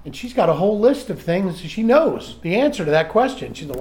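A man's voice: sits high, sing-song, a little mellow. Self-mocking man sharing in a group. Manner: self-mocking, halting with repeated restarts. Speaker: recovery group member sharing. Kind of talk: candid personal sharing.

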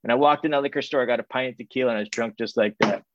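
Speaking at medium pitch against background noise, a middle-aged man from California gives an honest recovery testimony to a group. He repeats himself and keeps restarting sentences, and the audio comes across muffled, dull and dry.

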